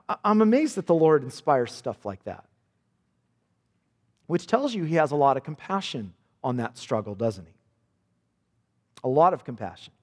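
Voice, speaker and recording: A man preaching a sermon, earnest and intense, repeating words as he builds each point. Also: a little high. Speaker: pastor. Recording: long hall reverb.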